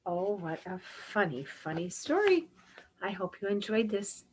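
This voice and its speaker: A woman reading a picture book aloud to children in an animated, dramatic way, with gasps and asides. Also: mid-range voice, measured pace, a little hiss or hum. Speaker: storybook reader.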